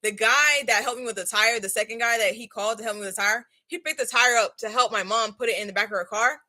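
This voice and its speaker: A young woman in her twenties telling a casual, slangy storytime while doing a face mask, animated and laughing often. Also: on the high side, fast talker. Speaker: vlogger.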